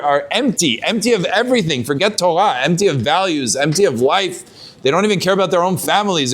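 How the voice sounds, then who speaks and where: Rabbi guy telling a torah story, kinda high voice, lively, throws in hebrew words, lots of restarts. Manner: animated storyteller, Hebrew and Yiddish terms mixed in, frequent restarts.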